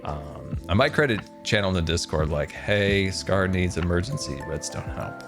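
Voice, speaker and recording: A man's voice: sits low, normal speed. A man streaming a game, chatting casually and rambling, self-deprecating, with many fillers. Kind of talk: casual game livestream chat. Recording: music playing behind the voice.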